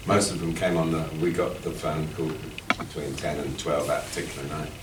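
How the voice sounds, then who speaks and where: Low male voice, club staff, casual asides; roomy, noisy, distant. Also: steady tone, a little fast. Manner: chipping in with short asides. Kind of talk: press conference anecdote. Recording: echoey room, distant mic, audible noise.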